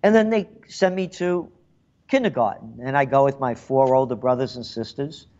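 A man's voice: medium pitch, normal speed, darkish tone, dull audio. An older man hosting a call-in radio show, rambling and sarcastic, often repeating words. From the Bronx, New York. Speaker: radio talk show host.

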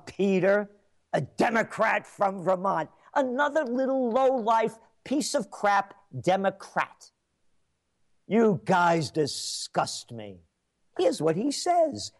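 A man with a high voice that swings widely up and down, ranting on talk radio. He speaks slowly and lets each insult land. His tone is sarcastic and scornful, and he breaks into shouting now and then. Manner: angry, mocking, insulting rant. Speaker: radio show host.

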